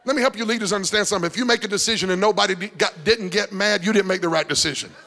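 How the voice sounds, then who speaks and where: A male pastor preaching in a church with a high, gravelly voice. His sermon swings from shouted, half-sung phrases to near-whispered asides. The sound carries a long echo from the hall. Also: racing. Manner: preaching with sudden shouts and sung phrases, then dropping to a hush. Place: church sanctuary.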